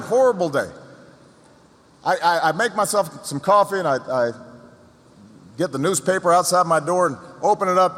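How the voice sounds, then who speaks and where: A man giving a speech to an audience, telling a story with pauses and repeated words. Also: fairly high pitch, fairly bright tone. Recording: long reverb of a large hall.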